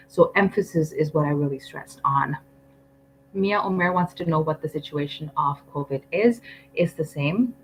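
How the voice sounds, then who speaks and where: A woman's voice: deep voice, a bit bright, slight background noise, rough recording. A woman teaching English on a live stream, chatty and firm, reading out viewer comments with lots of ums.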